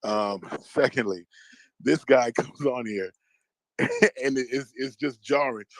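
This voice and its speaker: A man's voice: mid-range voice, slow, no echo, poor audio. A man on a call-in talk show, teasing a caller with laughter and mockery. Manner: teasing, laughing, talks over others. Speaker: call-in guest. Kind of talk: casual mocking banter.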